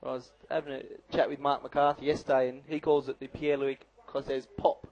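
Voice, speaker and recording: A man's voice: mid-range voice, flat delivery, brisk, a little mellow, highs cut off. A man giving live color commentary on a bodyboarding contest, chatty and analytical with lots of "you know".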